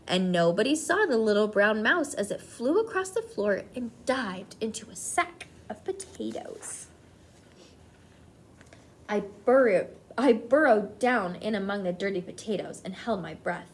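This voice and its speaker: Woman teacher reading a kids book out loud, lively swoopy voice, kinda high. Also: a little slow. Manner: expressive, animated reading. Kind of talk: reading a storybook aloud to a class.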